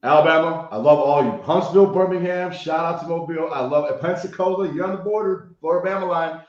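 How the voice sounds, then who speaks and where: A man's voice: fairly high pitch, fast talker. A man from Chicago, a rehab consultant guest on a podcast, telling stories animatedly, swearing freely and tagging lines with "right?". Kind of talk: casual podcast interview. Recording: echoey room, muffled lo-fi sound.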